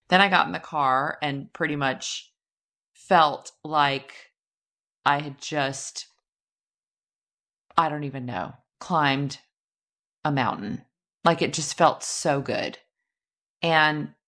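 A woman's voice: deep voice, fairly bright tone. A woman, likely in her thirties, talking candidly and self-deprecatingly about a personal experience, laughing now and then. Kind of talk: reflective personal monologue.

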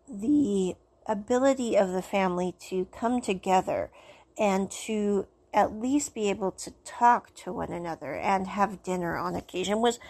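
A woman's voice: mid-range voice, creaky, a little mellow. A woman casually recapping and reviewing a drama, rambling and circling back with "so anyway". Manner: rambling, keeps saying "so anyway".

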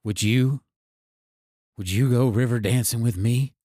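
A boozy, brooding country singer, played by a man, mumbling in a soft, low drawl. He hesitates and trails off, with a dry, close sound. His pitch sits at an ordinary middle height. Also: measured pace, dry recording, lightly acted. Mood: tender. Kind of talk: improvised comedy scene.

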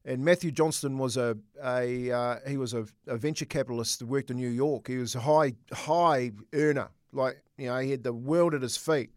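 A man's voice: mid-range voice, moderate pace, few pauses, dry recording. Earnest middle-aged man, dry close mic. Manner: earnest, storytelling, repeats words while thinking. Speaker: former rugby league coach, co-host. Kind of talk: casual sports chat.

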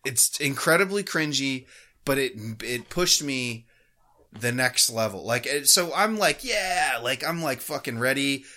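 A man's voice: mid-range voice, expressive, measured pace, sharp tone. A man co-hosting a sports podcast, ranting heatedly with constant swearing. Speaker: podcast co-host. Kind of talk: casual podcast rant.

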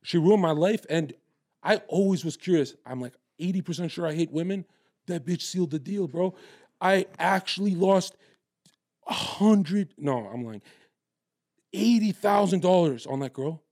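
A man with a somewhat raised pitch talks in a loose, crude, boastful way. He swaggers through his stories in casual conversation. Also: moderate pace, a little mellow. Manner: brash, crude, swaggering storyteller. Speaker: guest. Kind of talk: casual chat.

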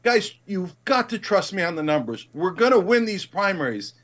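A man's voice: high voice, big pitch swings, moderate pace, fairly bright tone. A middle-aged man in a heated political debate, emphatic and passionate, rising to indignant outbursts. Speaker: guest commentator.

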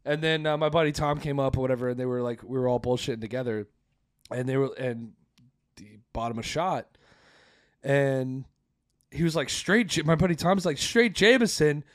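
A man talks over a close studio mic in a dry, deadened room, rambling through a story with plenty of swearing. He keeps restarting his sentences and laughs along at his own jokes. His voice sits at an ordinary middle pitch for a man. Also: fairly even intonation, normal speed, long pauses, no room sound. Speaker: podcast co-host. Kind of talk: casual podcast banter.

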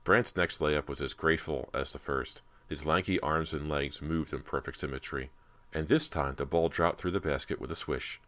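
A male audiobook narrator with an extremely low, deep voice. He reads a spooky young-adult novel in a steady, measured way. The delivery is calm and even throughout. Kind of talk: scripted narration.

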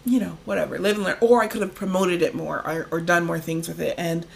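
A woman's voice: lowish voice, steady tone, fast talker, vocal fry, a little hiss or hum. A woman co-hosting a podcast in casual chat, talking loosely with lots of fillers and easy laughs. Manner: chatty, many "like" fillers, laughs easily. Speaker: podcast co-host.

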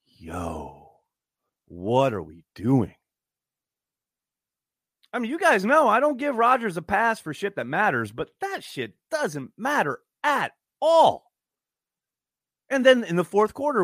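Animated, profane male podcast host. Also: on the high side, no room sound, clean studio sound. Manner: animated, profane, gets heated and loud when ranting. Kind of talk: casual live-stream chat reading super chats.

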